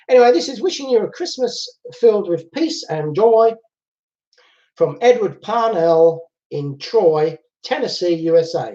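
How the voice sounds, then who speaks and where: A man hosts a casual live chat from home, chatting and laughing easily while reading out viewer comments. His voice sits high with a darkish tone, and the livestream audio is dull and lo-fi.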